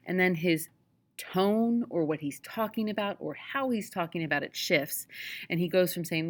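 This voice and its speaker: A woman's voice: on the low side, unhurried. A woman teaching a lesson on poetry in a casual, chatty way, often checking in with the class. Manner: casual, chatty, frequent "okay?" check-ins.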